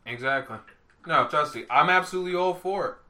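A fast-talking man with a bright, fairly high voice, hosting a podcast. He jokes around and keeps the chat moving. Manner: quick, joking, keeps the conversation going. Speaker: podcast host. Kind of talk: casual chat.

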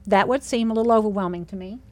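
A woman preaching a sermon, retelling scripture with animated asides and laughs. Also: medium pitch, quick pace.

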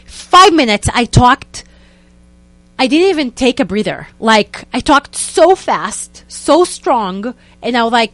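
A young woman, a guest telling a story in a lively, casual way and acting out what people said. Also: a little high, slow pace, dry recording. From Israel. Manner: animated, acts out quotes in other voices, many "like" fillers.

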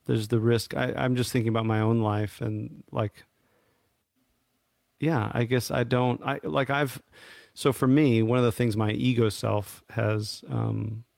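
Man, gravelly voice, hesitant reflective co-host, dry recording. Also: medium pitch, a little mellow, no echo. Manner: hesitant, full of fillers and restarts. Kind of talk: casual reflective conversation.

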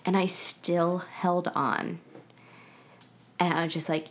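A woman's voice: on the low side, flat delivery, takes it slowly, long pauses. A woman in her twenties, a guest on a podcast, casually telling a personal story with lots of "like" and "um". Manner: chatty, heavy use of "like" and "um".

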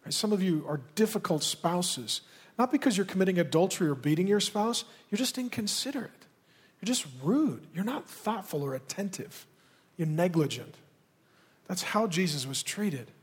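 A man's voice: high-pitched, lively intonation, normal speed, slightly rough. A man preaching a sermon as pastor, talking directly and conversationally to the congregation with pointed asides. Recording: reverberant hall.

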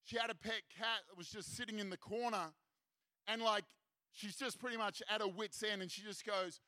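Young Australian man, animated storytelling preacher, bright tone, dry close sound. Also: extremely high pitch, normal speed, dry recording. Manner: animated, acts out characters' lines. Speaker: seminar speaker. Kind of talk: storytelling sermon.

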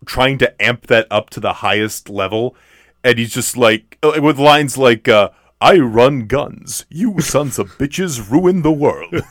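In a casual movie review chat, a male podcast co-host rambles along, repeatedly restarting and filling pauses. He has a mid-range voice with a fairly bright tone, recorded at studio quality with no room sound.

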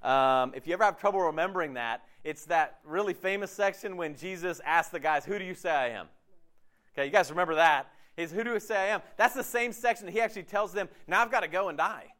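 A man with a high-pitched voice delivers a conversational sermon. He talks casually and with energy, slipping into quoted speech to make his points. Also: fast talker. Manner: casual, animated, acts out quotes. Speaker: pastor.

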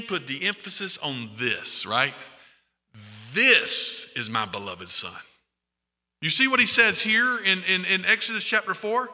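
A man preaching a sermon, animated and often asking the congregation questions. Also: high-pitched, long reverb tail.

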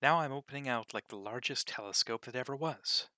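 Man as a fretful, puzzled little girl in a storybook, bright and raised voice, crisp dry read. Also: medium pitch, brisk, no room sound, lightly acted. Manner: wondering, fretful talking to herself. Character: curious, easily flustered young girl.

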